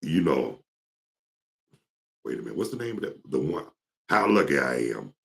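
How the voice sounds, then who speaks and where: Deep gravelly man. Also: big pitch swings, moderate pace, fairly bright tone. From Georgia, US. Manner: rambling, storytelling, mimics singers. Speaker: talk show host. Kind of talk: casual solo talk.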